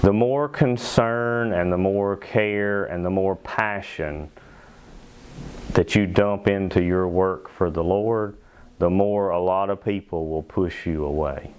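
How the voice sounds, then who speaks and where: A man preaching a sermon as pastor in a church, emphatic, slowing down to stress key phrases. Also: sits low, a little mellow, a little hiss or hum. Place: church sanctuary.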